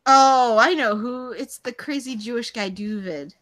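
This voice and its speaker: A woman's voice: on the high side, a little slow, fairly bright tone, dry recording. A woman hosting a casual live stream chat, rambling and giggly as she jumps between topics, heard over a video call.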